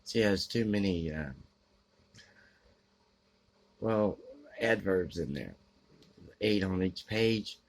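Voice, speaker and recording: A man giving blunt, grumbling book opinions in a halting way, with lots of fillers and frequent throat clearing. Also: low-pitched, slight background noise. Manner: grumbling, opinionated about books. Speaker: book vlogger answering a question tag. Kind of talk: casual unscripted talk to camera.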